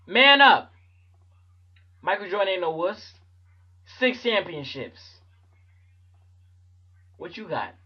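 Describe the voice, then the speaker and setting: Brief: man playing blunt, gruff dad, low and curt, lo-fi. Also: full character voice. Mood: scolding. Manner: low and dismissive, then bellowing. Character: gruff blunt father scolding his crying son.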